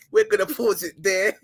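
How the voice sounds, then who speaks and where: A woman's voice: mid-range voice, breathy edge. A woman co-hosting a podcast, chatting casually and laughing a lot. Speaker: podcast co-host. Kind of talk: casual chat.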